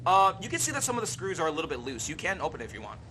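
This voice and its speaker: A man's voice: on the high side, huge pitch swings, very fast, sharp tone, a little hiss or hum. A young man casually narrating a tabletop game as game master, with many fillers and mouthed sound effects.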